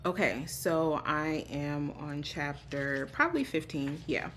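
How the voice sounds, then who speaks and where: A woman's voice: low voice, big pitch swings, takes it slowly, few pauses, a bit bright, no echo. A young adult woman chatting casually in a reading vlog, giving candid, opinionated reactions to books. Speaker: book vlogger.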